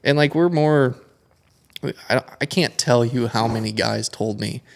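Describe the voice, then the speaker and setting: Young male racer, casual rambler with a gravelly edge, mid-pitch. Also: measured pace, slight background noise. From United States. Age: young adult. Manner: rambling, animated storytelling with many fillers. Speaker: guest, flat track racer. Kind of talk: casual storytelling interview.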